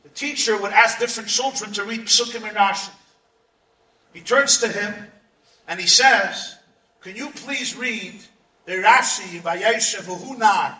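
A man preaching as a rabbi, telling stories with sudden shouts and hushed asides. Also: sits high, a little slow. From United States. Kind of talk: sermon. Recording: echoey room, far from mic.

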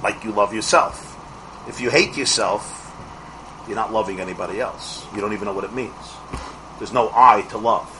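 A middle-aged man teaching a Torah class as a rabbi, asking rhetorical questions and restarting his phrases quickly. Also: medium pitch, bright, forceful tone, a little hiss or hum, low-quality recording.

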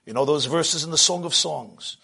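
A man giving a sermon as a religious teacher, animated, swinging from hushed asides to loud bursts and laughing at his own jokes. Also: a little high, moderate pace, vocal fry, breathy edge.

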